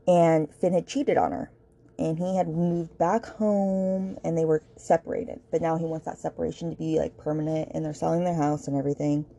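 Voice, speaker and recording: Recapping a book on her podcast, this host chats casually and gossips, piling on filler words and speaking directly to her listeners in asides. She has a low-pitched, warm voice with vocal fry.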